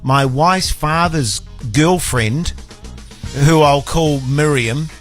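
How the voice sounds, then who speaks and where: A New man in his forties hosts a radio show, spinning chatty stories with exasperated asides. His voice sits high for a man. Faint music runs underneath. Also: takes it slowly. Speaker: radio host. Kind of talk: casual radio banter.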